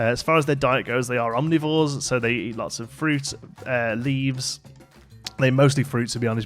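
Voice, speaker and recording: A man talks through his build in a relaxed, meandering way, full of ums and self-deprecating asides. He sounds a bit worn out and yawns now and then. His voice sits at an ordinary pitch, and soft music plays faintly underneath. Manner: rambling, chatty, self-deprecating, many fillers. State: tired, yawning. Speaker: gaming YouTuber. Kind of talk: casual let's play commentary.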